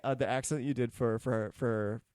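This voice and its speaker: A man's voice: medium pitch, fairly even intonation, normal speed, darkish tone, clear, resonant tone. A middle-aged father on a casual podcast chat, laughing easily and encouraging his daughter. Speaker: podcast guest.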